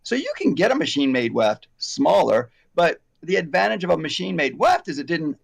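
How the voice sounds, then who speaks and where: A man in his fifties hosting a casual chat about hair extensions, rambling and animated with many fillers and asides. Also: on the high side, fairly quick, gravelly. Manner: rambling, animated, self-deprecating, frequent fillers. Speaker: hair extension educator, host.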